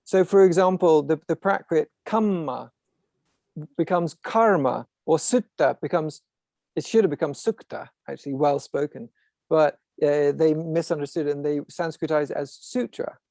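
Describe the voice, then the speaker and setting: Gravelly man explaining on a call. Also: a little high, normal speed, a little mellow, no echo, studio quality. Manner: professorial, with frequent restarts and asides. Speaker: host of an online discussion group. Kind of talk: casual explanatory talk. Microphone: video call.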